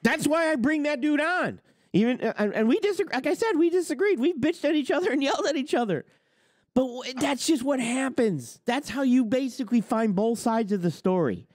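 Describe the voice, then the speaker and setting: A man in his forties rants as host, cursing freely and boasting. His pitch leaps and drops with every point he hammers home. The sound is close and dry, with no room around it. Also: lively intonation, fairly quick, a little mellow, dry recording. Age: 40s. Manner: blunt, boastful, swears constantly. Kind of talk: heated profane rant.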